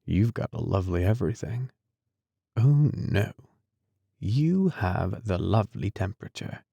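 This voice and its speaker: A man voicing a tender, devoted young nurse in an audiobook, soft and coaxing. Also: fairly low pitch, very animated, unhurried, vocal fry, husky, no echo, heavily acted. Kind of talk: audiobook character reading.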